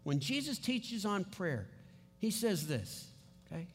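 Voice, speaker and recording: A man preaching a sermon as pastor, emphatic and building to loud stresses on key words. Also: sits high, sing-song, takes it slowly, husky, soft background music. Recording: long hall reverb.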